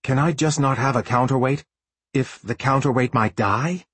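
A man's voice: medium pitch, moderate pace, fairly bright tone, husky, dry recording. A man narrating a storybook voices a frightened young schoolboy who asks anxiously.

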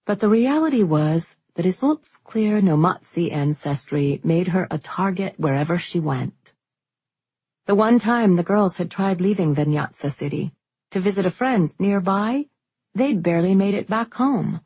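A woman narrating a fantasy novel as an audiobook, in steady, unhurried storytelling. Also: fairly low pitch, slightly rough, no room sound.

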